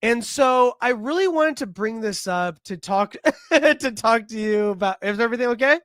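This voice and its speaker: A woman's voice: fairly high pitch, expressive, moderate pace, fairly bright tone, dry recording. A woman hosting a casual podcast discussion, talking conversationally and sometimes searching for her words. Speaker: podcast host.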